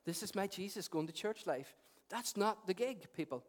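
A man preaching an animated, humorous sermon to a congregation, talking to people by name. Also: high-pitched, normal speed.

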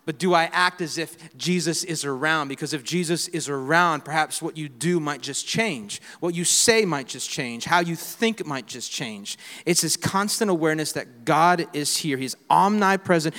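A man preaching a sermon, folksy and joking, moving from quiet talk to shouting. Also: high voice. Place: church hall. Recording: long hall reverb.

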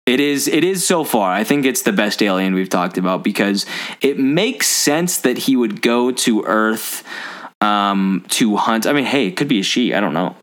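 Low-voiced man chatting casually about movies. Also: animated, moderate pace, fairly bright tone. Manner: chatty, rambling, lots of fillers. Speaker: podcast host.

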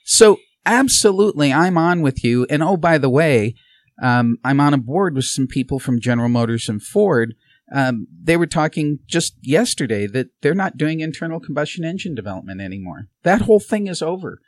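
A man's voice: on the high side, moderate pace, no echo, clean studio sound. A man talking as a podcast guest, telling stories and acting out the voices in them. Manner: lively storyteller who acts out quotes. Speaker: guest, former political candidate. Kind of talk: animated podcast conversation.

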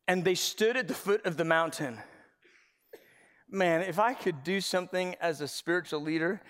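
A male pastor with a high-pitched voice delivers a lively sermon, acting out the figures of the story and shouting in places. His voice rings through a church hall with a long reverb tail. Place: church sanctuary.

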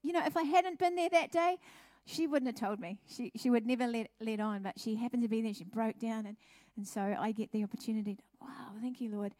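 A middle-aged woman, a pastor's wife, telling her testimony at a church service in a chatty, animated way. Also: a little high, a little fast, few pauses, dry recording, studio quality. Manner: chatty, animated storytelling with laughs.

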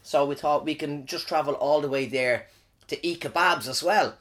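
A man's voice: on the high side, normal speed, fairly bright tone. A man in his thirties, hosting a podcast alone and telling crude comic stories, swearing and rambling with frequent restarts. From Ireland. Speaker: podcast host. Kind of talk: casual comic storytelling monologue.

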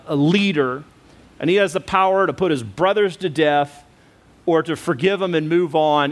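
A middle-aged man, a pastor, preaching a sermon and telling a personal story with lively, acted-out energy. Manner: animated storyteller, acting out scenes with loud high voices.

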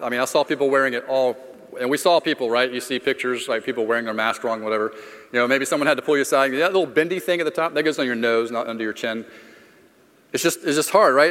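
A man's voice: medium pitch, fast, fairly bright tone. Man preaching in a reverberant hall. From Florida. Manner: conversational storyteller, self-deprecating humor. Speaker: pastor. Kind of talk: sermon with personal story.

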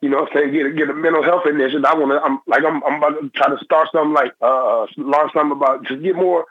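Young man, former football player, husky voice, dry tinny phone sound, halting and repetitive. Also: on the high side, steady tone, dry recording. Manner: halting and repetitive, restarts phrases. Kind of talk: phone-in interview.

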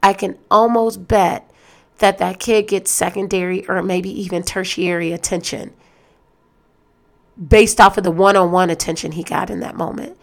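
A woman hosting a solo podcast, ranting in an animated, exasperated way and speaking straight to her listeners. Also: fairly low pitch, moderate pace, vocal fry. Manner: loose and conversational, with restarts. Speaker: podcast host.

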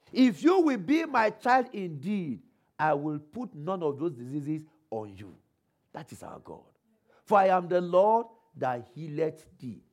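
Animated preacher, high lively voice. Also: male voice. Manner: call-and-response, quoting scripture, rhetorical questions; varies pace and loudness for emphasis. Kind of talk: sermon.

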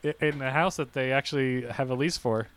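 A young man co-hosting a podcast, telling animated stories in casual chat and acting out quotes with sudden yelps. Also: mid-range voice, fairly quick, clean tone, no echo. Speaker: podcast co-host.

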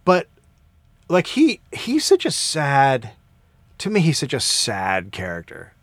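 A man co-hosting a podcast in casual comedic chat, profane and quick to mock other people's voices. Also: mid-range voice, dry recording. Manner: profane, animated, mocks voices in quotes. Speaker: podcast co-host.

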